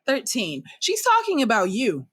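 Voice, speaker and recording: A woman narrating as game master, telling the story slowly and deliberately with casual slang. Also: a little high, wildly swooping pitch, slightly rough, no room sound.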